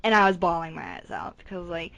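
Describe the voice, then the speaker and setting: A woman's voice: fairly low pitch, fast, vocal fry. A woman in her twenties co-hosting a podcast, telling rambling stories in casual chat and acting out quotes. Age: 20s. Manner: rambling, animated storytelling with acted-out quotes. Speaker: podcast co-host.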